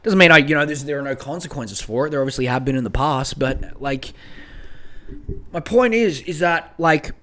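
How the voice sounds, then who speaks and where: A man's voice: a little high, pushed and bright. A young man hosting a solo podcast on a home mic, ranting bluntly with plenty of swearing and rambling. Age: young adult. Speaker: podcast host.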